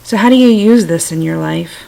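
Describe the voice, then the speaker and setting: A middle-aged woman talking gently and reflectively to her computer's webcam at home, with self-amused asides. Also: on the low side, normal speed, creaky, poor audio. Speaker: vlogger sharing personal stories. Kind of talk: casual spiritual talk to camera. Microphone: computer webcam mic.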